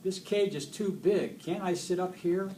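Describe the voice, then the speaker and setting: A man voicing a gentle young schoolboy who speaks softly and earnestly. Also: sits high, measured pace, voice pushed up. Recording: distant mic, faint noise.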